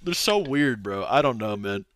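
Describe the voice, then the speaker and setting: A young man talks in a loose, rambling way on a live stream, piling on filler words and slang. His voice is bright and forward. The sound is dry and close, with almost no room around it. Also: mid-range voice, expressive, moderate pace, no room sound. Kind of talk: casual livestream rant.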